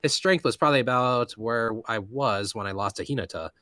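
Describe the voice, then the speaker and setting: A man reading first-person light novel narration in a relaxed, casual way, with jokey asides. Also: medium pitch, fairly quick, dry recording, studio quality. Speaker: reader of the main narrator.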